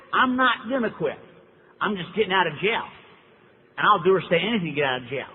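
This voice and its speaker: A man's voice: on the high side, slight background noise. Wry storytelling man in an echoing hall. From Dallas, Texas. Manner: folksy, wry, acts out dialogue. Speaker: recovery speaker. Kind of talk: storytelling talk to an audience. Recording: tinny lo-fi hall recording.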